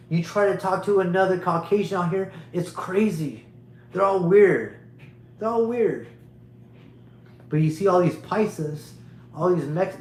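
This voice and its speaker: A man's voice: fairly high pitch, echoey room, slight background noise, poor audio. A man hosting a livestream, delivering a rambling, preachy monologue to his viewers and repeating his points emphatically. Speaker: livestream host.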